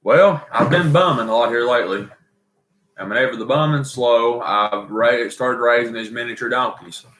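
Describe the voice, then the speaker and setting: A man's voice: medium pitch, normal speed. A man with a Southern accent co-hosting a live stream, telling folksy stories and laughing a lot. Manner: animated, laughs often, folksy. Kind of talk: casual chat and storytelling. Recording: roomy echo.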